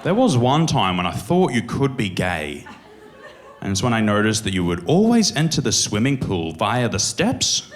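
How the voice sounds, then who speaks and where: A man's voice: fairly low pitch, huge pitch swings, moderate pace. A man doing a laid-back dad. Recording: clear crowd noise in a comedy club.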